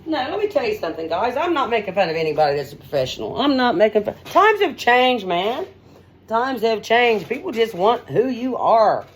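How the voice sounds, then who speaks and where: A fairly high, very animated voice comes from a middle-aged woman hosting an unscripted monologue at a fairly quick clip, with a little hiss or hum. Outspoken and rambling, she calls listeners "man" and "honey," using her device's mic without a headset.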